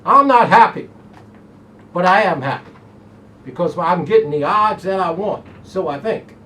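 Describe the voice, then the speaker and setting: Fired-up high-voiced male racing tipster. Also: unhurried, slight background noise. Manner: fired-up, folksy, talks to himself to calm down. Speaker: horse racing handicapper and show host. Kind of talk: excitable folksy race preview monologue. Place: studio. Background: soft jazz music.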